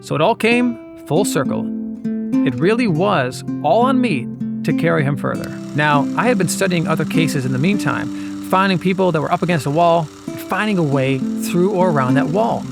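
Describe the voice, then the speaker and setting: A man's voice: on the high side, gravelly. A man narrating his own show in a playful, chatty way, full of asides. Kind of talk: scripted voice-over narration.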